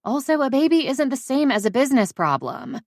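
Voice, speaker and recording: A woman's voice: high voice, sing-song, fairly quick, dry recording, clean studio sound, pitched above the performer's own voice. A woman voicing a blunt, caring young female best friend in an audiobook, with a brash, forthright manner. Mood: wry. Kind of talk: audiobook dialogue.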